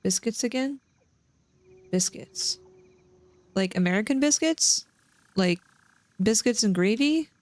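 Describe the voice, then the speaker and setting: A woman's voice: fairly high pitch, lively intonation, takes it slowly, pauses often, darkish tone, no room sound. Chatty woman streamer, rambling. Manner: rambling, chatty, restarts often. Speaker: live streamer. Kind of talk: casual chat with stream viewers while gaming. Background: faint game music.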